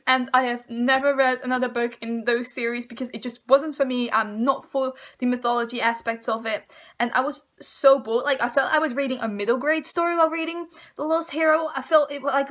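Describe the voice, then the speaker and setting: A woman's voice: high-pitched, fairly bright tone. A young woman giving a casual, exasperated book review rant as a vlogger, with dramatic sighs and groans.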